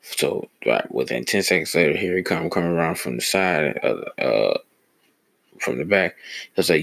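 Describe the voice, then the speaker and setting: Deep gravelly young man ranting. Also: expressive, normal speed, no echo. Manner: blunt, profane, heated storytelling. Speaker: podcast host. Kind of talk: casual solo podcast storytelling.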